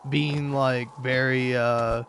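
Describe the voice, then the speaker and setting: A man's voice: medium pitch, flat delivery, takes it slowly, fairly bright tone, a little hiss or hum. A man hosting a commentary video, ranting with lots of swearing and stammered restarts as he reacts to online comics. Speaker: commentary host.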